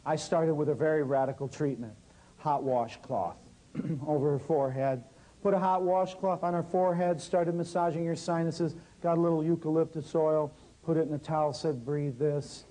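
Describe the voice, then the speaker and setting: A man's voice: fairly high pitch, normal speed, rough recording. A man teaching a natural healing workshop, telling a story and talking straight to his audience. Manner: lively, talks straight to the audience.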